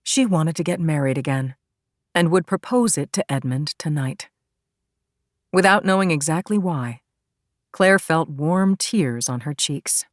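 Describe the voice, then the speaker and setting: A woman narrating an audiobook in a calm, even storytelling manner. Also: deep voice, unhurried, dry recording, clean studio sound. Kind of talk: scripted narration.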